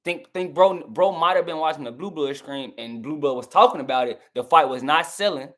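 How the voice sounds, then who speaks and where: A young man from the southern United States, with a Southern American accent, argues heatedly with his live-stream chat and mocks what they reply. His voice is a little high, brisk, and a bit bright, and he addresses chat directly.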